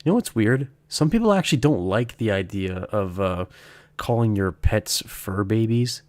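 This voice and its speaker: A man's voice: on the low side, lively intonation, moderate pace, darkish tone, no room sound. A man chatting casually on a live stream, rambling and correcting himself as he goes, with frequent chuckles. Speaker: streamer, horror story reader.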